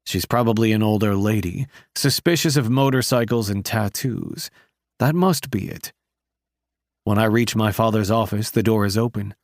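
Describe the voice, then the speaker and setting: A man's voice: lowish voice, normal speed, no room sound. Wry male audiobook narrator, dry studio sound. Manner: wry, conversational storytelling. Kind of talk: first-person novel narration.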